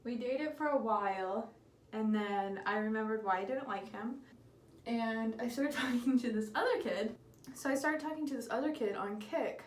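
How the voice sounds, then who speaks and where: A woman's voice: a little high, normal speed, roomy sound. A young woman casually telling a story while doing her makeup, candid and giggly, swearing freely. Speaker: beauty vlogger.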